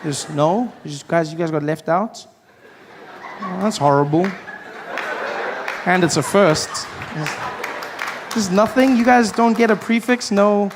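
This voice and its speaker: A man doing a stand-up comedy set on stage, animated and playful, teasing the audience. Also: high voice, a little slow, pauses often. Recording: live show with background noise.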